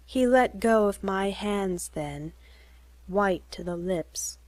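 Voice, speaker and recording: A woman narrating a first-person story slowly and clearly for English learners. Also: mid-range voice, a little mellow, no room sound.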